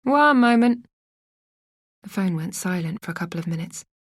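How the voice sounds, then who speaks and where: A woman's voice: lowish voice, level tone, quick pace, darkish tone, husky, no echo, studio quality. A woman narrating a first-person suspense audiobook, raising her voice into urgent, anxious tones for the dialogue.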